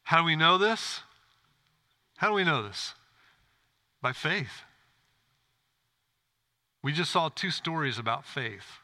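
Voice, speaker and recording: A man's voice: on the high side, sing-song, slow, pauses often, sharp tone. A man pastor preaching a sermon in a church, earnest and direct, often asking the congregation questions.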